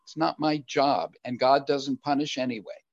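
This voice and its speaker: An older man speaking earnestly and reflectively as a guest speaker, answering questions about his recovery in a halting way. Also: mid-range voice, fairly even intonation, no echo. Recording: dull lo-fi recording.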